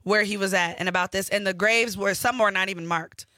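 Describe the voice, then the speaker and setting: Bright, earnest woman radio co-host. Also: medium pitch, steady tone, a little fast, dry recording. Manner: earnest, tells events in detail with restarts. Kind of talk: casual radio chat. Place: radio studio.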